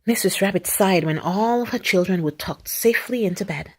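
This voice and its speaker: A woman's voice: mid-range voice, brisk, breathy edge. A woman reading picture books aloud to a young child, playfully acting out animal noises and sound effects.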